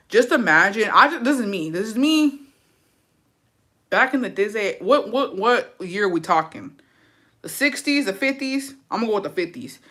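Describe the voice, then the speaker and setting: A woman's voice: medium pitch, pushed and bright. A woman telling a dramatic story casually, swearing freely and switching between English and Spanish.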